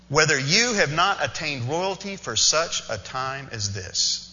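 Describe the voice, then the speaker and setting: A man preaching a sermon, retelling a story with lively asides to his listeners. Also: medium pitch, long reverb tail, highs cut off. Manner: animated storytelling, quick asides to the congregation. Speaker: pastor.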